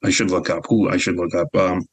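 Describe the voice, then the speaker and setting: A man on a podcast, speaking haltingly as he searches for words in casual chat. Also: low-pitched, steady tone, slightly rough. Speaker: podcast co-host and voice actor.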